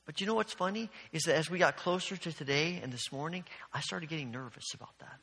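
A man preaches from the front of a church, his voice bright and forceful and pitched a little high. He tells stories earnestly and with animation, and his words ring out with the long reverb of the sanctuary. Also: fast talker, creaky, slightly rough. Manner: storytelling with animated, earnest delivery. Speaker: pastor. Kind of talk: sermon.

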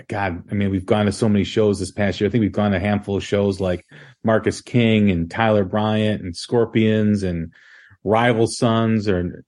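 A man hosting a casual music podcast, talking in a relaxed, rambling way with many ums and restarts. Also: lowish voice. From Chicago area. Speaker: podcast host.

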